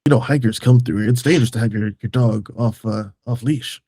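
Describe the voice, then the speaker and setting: A man's voice: medium pitch, fairly quick, mellow, husky, no echo. A man playing in a tabletop game, speaking in a loose, chatty way. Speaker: player. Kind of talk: tabletop role-play.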